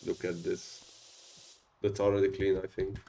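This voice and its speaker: A man's voice: low-pitched, completely flat delivery, unhurried, creaky, dark tone, slight background noise, low-quality recording. Rambling streamer man with strong accent. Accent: non-native English. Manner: rambling, many fillers and restarts. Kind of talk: casual gaming stream chat.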